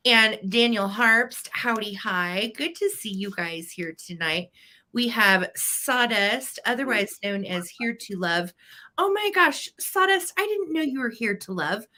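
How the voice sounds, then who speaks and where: Bright, chatty woman hosting a live sale. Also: fairly high pitch, animated, a little slow. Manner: chatty, greets viewers by name. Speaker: host of a live vintage sale. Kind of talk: casual live-stream chat.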